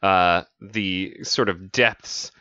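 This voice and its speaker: A man's voice: deep voice, steady tone, extremely slow, sharp tone, clean tone, no room sound, highs cut off. A man co-hosting a podcast, reacting with enthusiasm and loose, sweary talk. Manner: enthusiastic, swears and laughs freely. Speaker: podcast co-host. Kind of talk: casual comic-book podcast chat.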